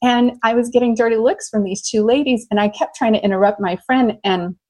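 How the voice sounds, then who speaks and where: A woman's voice: a little high, steady tone, brisk, a little mellow. Woman, middle-aged, enthusiastic, big laugh, podcast guest. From United States. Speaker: guest, love coach. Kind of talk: podcast interview.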